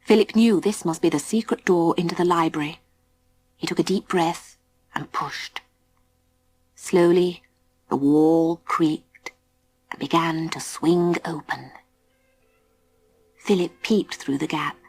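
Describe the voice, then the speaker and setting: Husky woman narrating a children's storybook. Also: fairly low pitch, steady tone, a little slow, pauses often. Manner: gentle, suspenseful, often hushed. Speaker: audiobook narrator.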